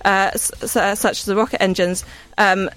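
A woman's voice: mid-range voice, fairly even intonation, normal speed, fairly bright tone, soft background music. A young woman reviewing gadgets on a radio show, giggly and hesitant with many fillers, on a studio microphone. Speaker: work experience gadget reviewer. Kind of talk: radio news chat.

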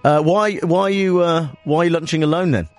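A male radio host who talks in a playful, teasing way, halting with many fillers as he speaks into a studio microphone. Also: fairly high pitch, fairly even intonation, faint music behind. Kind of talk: comic radio talk show.

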